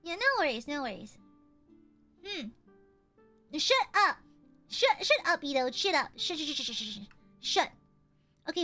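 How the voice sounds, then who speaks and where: A VTuber streamer plays a game live, chatting casually and playfully with melodramatic outbursts and free swearing. Her voice sits high and sounds a bit bright.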